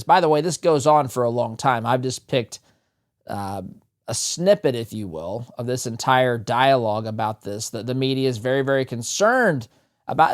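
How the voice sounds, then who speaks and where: A man's voice: medium pitch, normal speed. A man hosting a talk radio show, giving emphatic, opinionated commentary, firing off rhetorical questions and calling his listeners "my friends". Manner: rhetorical questions, animated swings in loudness.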